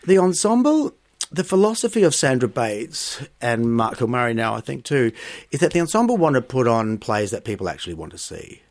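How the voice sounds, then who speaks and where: A middle-aged Australian man, a stage performer, telling stories as an interview guest, expressive and lively when amused. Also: mid-range voice, fairly quick, dry recording. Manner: expressive storyteller, animated bursts when amused. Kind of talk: interview conversation.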